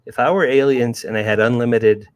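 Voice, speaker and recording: This New Jersey man in his sixties speaks a little fast in a mid-range voice. He's an author guest spinning a casual, animated story, and he often starts over and repeats his words.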